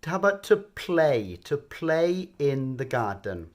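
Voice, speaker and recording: A man giving a patient, gently coaxing bedtime language lesson. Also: a little high, very animated, slow. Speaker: language teacher.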